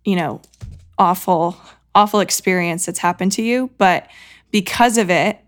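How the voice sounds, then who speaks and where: A woman's voice: lowish voice, a little slow. Effusive, emotional woman podcast host. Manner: emotional, effusive, warm praise, tearful at times. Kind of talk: podcast interview.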